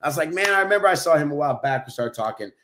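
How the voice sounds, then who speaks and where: Loud, brash male podcast host. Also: on the high side, animated, racing, a little hiss or hum. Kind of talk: casual chat, storytelling.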